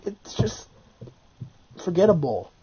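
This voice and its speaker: Host for a casual fan chat video: lively, sweeping voice, excitable and profane, on a dull lo-fi recording. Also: mid-range voice, slow pace, husky. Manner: animated, excitable storytelling with frequent swearing.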